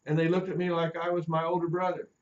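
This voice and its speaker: A man's voice: a little high, monotone, quick pace, muffled recording. A middle-aged man teaching a class, telling anecdotes and acting out the voices of people in his stories. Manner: storytelling, acts out quoted voices. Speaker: teacher educator.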